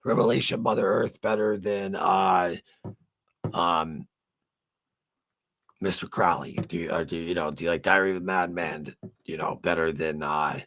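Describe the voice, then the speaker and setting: A man's voice: low-pitched, fairly even intonation, moderate pace, pauses often, a bit bright. A middle-aged man hosting a livestream, chatting loosely with viewers, rambling with lots of fillers and swearing freely. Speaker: livestream host. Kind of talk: casual livestream chat with viewers.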